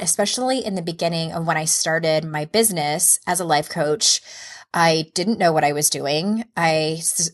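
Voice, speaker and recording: A woman in her thirties, a life coach hosting her podcast, talking candidly and encouragingly about her own experience. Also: on the low side. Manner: candid, self-reflective, encouraging. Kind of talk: solo podcast monologue.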